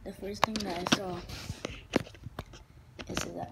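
A woman talking in a rambling personal vlog, halting with many fillers and restarts. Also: mid-range voice, steady tone, vocal fry, heavy background noise. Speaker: vlogger.

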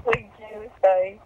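A woman's voice: mid-range voice, noisy background. A young woman on a phone call, rambling and scattered, swearing and apologizing as she talks. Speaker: caller.

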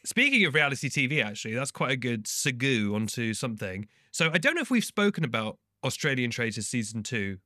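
A man co-hosting a casual chat podcast, playful and quick to act out moments. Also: mid-range voice, no echo, clean studio sound. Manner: playful, animated, mimics others in bursts. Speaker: podcast co-host.

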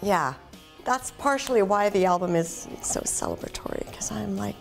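A woman's voice: mid-range voice, expressive, moderate pace, gravelly, soft background music. A woman from Canada, a singer chatting casually and upbeat in an interview, often saying "you know".

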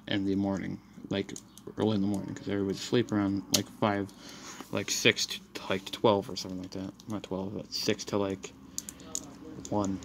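A man talks through a toy review in a low, monotone voice, rambling and apologizing between steps. He sounds frustrated throughout. It is a noisy recording made in a room at home. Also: fairly quick, vocal fry. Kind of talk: casual toy review walkthrough. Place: room in a house.

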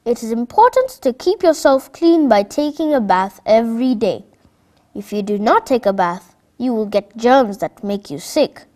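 A woman voicing a patient doctor who slowly explains hygiene to children in a storybook. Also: on the high side, expressive, warm tone, lightly acted. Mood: instructive. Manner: slow, instructive. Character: patient, kind doctor giving advice.

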